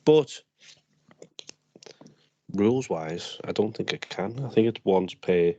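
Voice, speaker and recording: A man's voice: on the low side, slow pace, dark tone, no room sound, highs cut off. A man playing a tabletop game, talking hesitantly and joking with the group. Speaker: player. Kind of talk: casual tabletop role-play.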